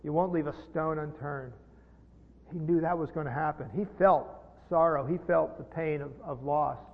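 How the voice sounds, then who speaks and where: A middle-aged man preaching a sermon as pastor, earnest and halting, with repeated words, rising to emphatic peaks. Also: a little high, vocal fry. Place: church sanctuary. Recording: dull sound with long hall reverb.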